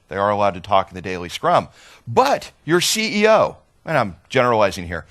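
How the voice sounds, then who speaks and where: A man giving a conference talk as a trainer, conversational and animated, often checking in with "right?". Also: medium pitch. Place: conference hall.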